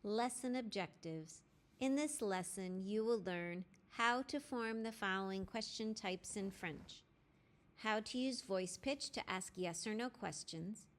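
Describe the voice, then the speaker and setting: A woman teacher narrating a language lesson, clear and deliberate, spelling out grammar formulas step by step. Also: medium pitch, fairly bright tone. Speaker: French teacher. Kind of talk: slow instructional lesson narration.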